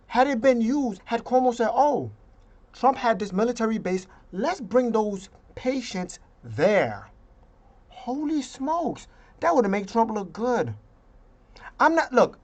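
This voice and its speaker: Indignant vlogger ranting slowly. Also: medium pitch, fairly bright tone. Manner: emphatic, indignant, slips into mocking voices. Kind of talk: political rant.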